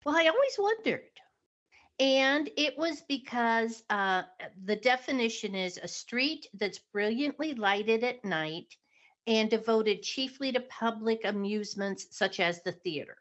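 An older woman co-hosting a podcast with a husky voice, chatting casually and reading a definition aloud. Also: fairly high pitch, unhurried, muffled recording. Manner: relaxed, brief reactions, reads definitions aloud. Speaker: podcast co-host. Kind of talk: casual chat.

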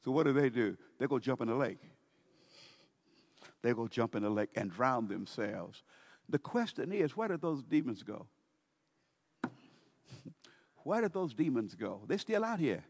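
Male pastor, mid-pitched, lively sermon delivery with long hall reverb. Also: a little slow, long pauses. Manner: animated preaching with laughs and dramatic quoted voices.

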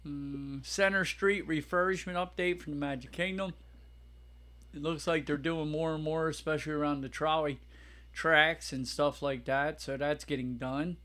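A man co-hosting a casual podcast chat, excitable and rambling, breaking into loud laughs. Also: on the high side, normal speed. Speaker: podcast co-host.

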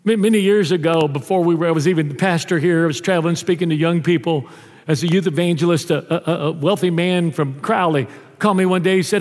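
Man, pastor, high voice, storytelling sermon, long church-hall reverb. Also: a little fast. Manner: storytelling, drops low and soft on intimate lines.

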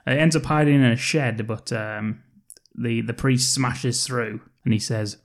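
A man's voice: mid-range voice, steady tone, measured pace. A man co-hosting a podcast, recapping a film in casual chat, swearing and laughing often and putting on voices for the characters. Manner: sweary, giggly, acts out quotes in funny voices. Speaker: podcast co-host. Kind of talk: casual comedic movie recap.

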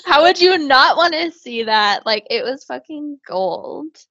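A woman's voice: high-pitched, animated, measured pace, pushed and bright, dry recording. A woman co-hosting a casual chat, telling a crude story with lots of laughing. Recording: dull lo-fi sound.

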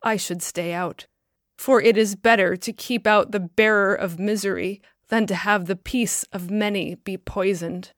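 A woman's voice: medium pitch, steady tone, a little slow, no echo, studio quality, close to an everyday voice. Woman reading as a scarred despairing woman. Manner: pleading and anguished.

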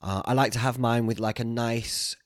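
A man's voice: mid-range voice, fairly even intonation, normal speed. A young man with a Northern English accent hosting a podcast, rambling through stories in a casual, chatty way and swearing freely. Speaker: podcast host.

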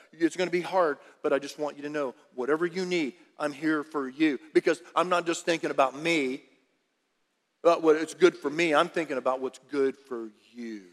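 A man voicing a kind older brother who gently reassures and welcomes his returning sibling. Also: fairly high pitch, big-room sound, pitched below the performer's own voice, close to an everyday voice.

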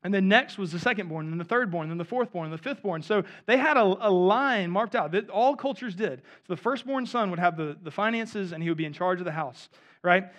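A high-pitched man in his thirties delivers a sermon in a church, amplified by a mic. His delivery is animated and chatty, full of asides to the congregation. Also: brisk. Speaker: pastor. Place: church before a live congregation.

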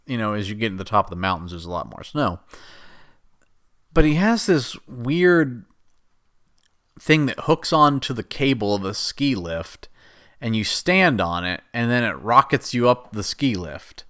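A man's voice: medium pitch, fairly bright tone. A man casually recapping a film, rambling and exasperated and laughing at the plot. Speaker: show host recapping a film.

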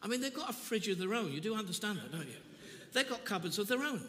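Older preacher, bright high voice, reverberant hall. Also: male voice, big pitch swings, quick pace, slight background noise. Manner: impassioned, repeats phrases for emphasis. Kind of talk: sermon. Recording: long reverb of a large hall.

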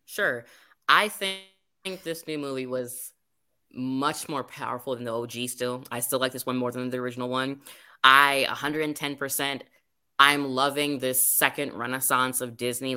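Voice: mid-range voice, pushed and bright, clean tone. A speaker giving enthusiastic, emphatic final thoughts in a casual film chat.

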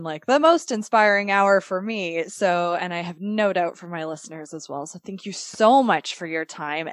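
A woman hosts a podcast, asking her questions and giving enthusiastic thanks. Her voice sits fairly low and sounds close and dry. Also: no echo. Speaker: podcast host. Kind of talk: casual interview chat.

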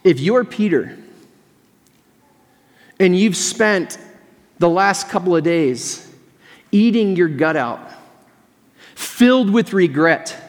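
A man's voice: high-pitched, lively intonation, slow, pauses often. A man preaching a sermon as pastor, telling a story earnestly and imagining what people thought and said. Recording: long reverb of a large hall.

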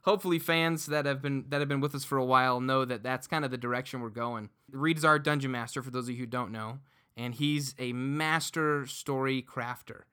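A man's voice: mid-range voice, fairly even intonation, a little fast, sharp tone, smooth. A man talking as a podcast guest in casual chat, earnest and often restarting and repeating words. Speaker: podcast guest and dungeon master.

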